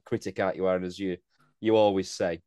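A man's voice: low voice, level tone, fast talker, mellow, smooth, no echo, studio quality. A man co-hosting a casual beer podcast, reflective and talking in long winding sentences, drawing the others in with questions. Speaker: podcast co-host. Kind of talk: casual chat.

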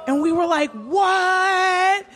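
A woman co-hosts a live comedy show and tells a story with a lot of energy, jumping in and out of voices for each person in it. Her voice sits fairly high, and she swears casually as she goes. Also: moderate pace, over a noisy crowd, heavy background noise. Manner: animated, acts out quoted people, swears casually. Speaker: co-host and stand-up comedian.

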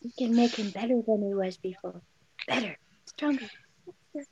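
A woman's voice: on the high side, normal speed. Woman co-host on a lo-fi hissy line. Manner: playful quips and reactions. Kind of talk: casual live-show chat. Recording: dull lo-fi line with hiss.

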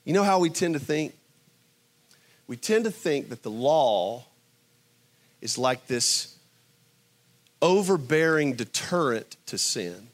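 A man preaching a sermon. He is emphatic, swings between loud bursts and quiet asides, and asks his listeners rhetorical questions. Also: on the high side, expressive, takes it slowly, pauses often. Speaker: pastor.

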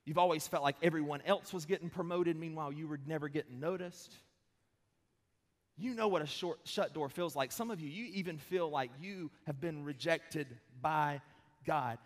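Man preaching in a reverberant hall. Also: on the high side. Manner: conversational preaching with quick humor and slow emphatic pauses. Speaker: pastor. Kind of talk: sermon.

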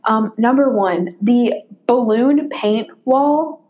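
A woman's voice: fairly high pitch, slow, darkish tone, slight background noise. A woman in casual chat, recapping movie scenes with a co-host. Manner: retells scenes, playful.

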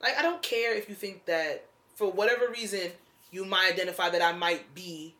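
Woman, blunt and cussing a lot, bright sharp voice, just chatting. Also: on the low side, normal speed. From North Jersey, USA. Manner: blunt, profane storytelling. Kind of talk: casual chat.

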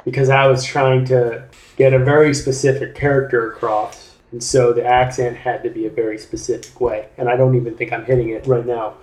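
A man hosting a casual group chat about tabletop gaming, telling stories with quick asides. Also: mid-range voice, level tone, darkish tone. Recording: roomy echo.

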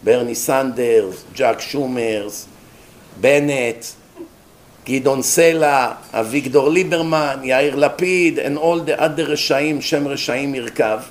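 A man giving a sermon as a rabbi, telling the story in an animated way with rhetorical questions and mocking asides. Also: mid-range voice, slow, a little hiss or hum.

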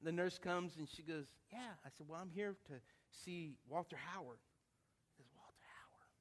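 A man preaching, a pastor telling a story in a lively, acted-out way to his church. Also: fairly high pitch, normal speed. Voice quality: animated storyteller, acts out voices. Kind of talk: storytelling sermon.

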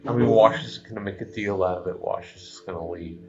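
A man's voice: sits low, fairly quick. A man playing in a tabletop game, casual with joking, mumbled asides. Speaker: player. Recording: dull lo-fi recording with faint noise.

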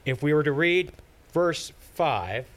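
A man's voice: fairly high pitch, lively intonation, slow pace, fairly bright tone. A man leading a Bible study, explaining passages step by step and reading scripture aloud in a conversational teaching manner.

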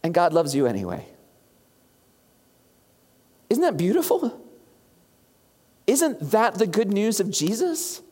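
A preacher delivering an animated sermon, asking the congregation questions directly. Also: medium pitch, takes it slowly, pauses often, slightly rough. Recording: long hall reverb.

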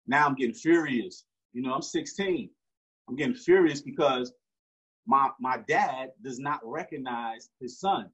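A man's voice: a little high, normal speed, fairly bright tone, husky. A man, telling a story in slangy street talk with frequent restarts. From Newark, New Jersey. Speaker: interview guest. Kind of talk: casual storytelling. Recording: dull lo-fi recording.

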